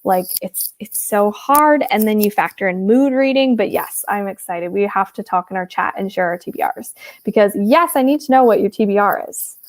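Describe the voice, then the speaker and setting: A woman in her twenties from Wisconsin with a Midwestern accent tinged with a Texas twang, chatting casually with viewers and rambling with lots of ums and likes. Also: medium pitch. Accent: Upper Midwest American with some Texas Southern traces. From Wisconsin, USA. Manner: rambling and chatty, many ums and likes, reads out chat comments. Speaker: livestream host.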